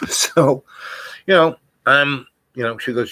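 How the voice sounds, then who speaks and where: A man's voice: mid-range voice, takes it slowly, pauses often, pushed and bright, no room sound. A man telling a personal story in a casual, meandering way, full of fillers and restarts.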